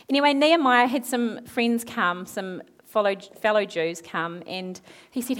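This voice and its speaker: Animated woman preaching a sermon. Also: a little high, a little fast, few pauses. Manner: animated, acts out quoted characters, asks the audience questions. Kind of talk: sermon, Bible storytelling.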